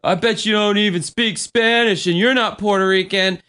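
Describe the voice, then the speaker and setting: A woman's voice: medium pitch, fairly even intonation, moderate pace, fairly bright tone, clear, resonant tone, voice pushed up, natural voice. A man putting on the voice of a pushy, drunk young woman who shows off. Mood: taunting.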